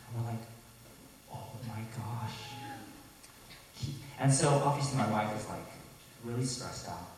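A man's voice: medium pitch, normal speed, a little mellow, a little hiss or hum. A man preaching a sermon, earnest and telling a personal story with self-correcting asides. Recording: echoey hall, voice from a distance.

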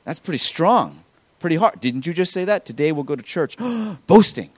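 A man preaching a sermon as pastor, acting out quotes with lively emphasis. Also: a little high, fairly quick. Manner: animated preaching with acted-out quotes.

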